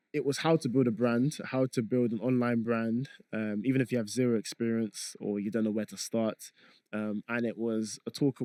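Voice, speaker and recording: A young man talking as a guest on a podcast, relaxed and rambling, with frequent fillers. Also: medium pitch, dry recording. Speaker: guest, content creator. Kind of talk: casual podcast chat.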